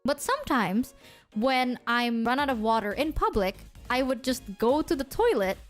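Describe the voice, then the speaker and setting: A woman from Indonesia, telling a story to her chat in a casual, animated way and swearing freely. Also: high voice, moderate pace, soft background music. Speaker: streamer.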